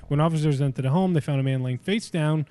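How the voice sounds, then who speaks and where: Podcast co-host, male, a bit high-pitched, reads headlines with snark. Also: fast, mellow, no echo. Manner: reads news aloud with mocking asides. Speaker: podcast co-host reading news stories. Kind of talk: casual comedic chat.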